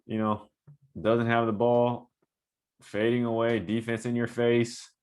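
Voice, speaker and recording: Breaking down game film, a basketball trainer talks casually and with animation, tossing in coaching asides and frequently asking "right?" to make sure the viewer is following. His voice is mid-range and clean, delivered at a measured pace.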